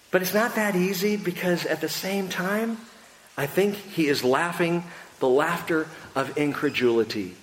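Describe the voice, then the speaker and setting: A middle-aged male pastor preaching in a church hall, chatty and animated, laughing easily as he acts out the story. His high, lively voice jumps around, carried by a long echo and a faint background hiss. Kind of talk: sermon. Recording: echoey hall with faint noise.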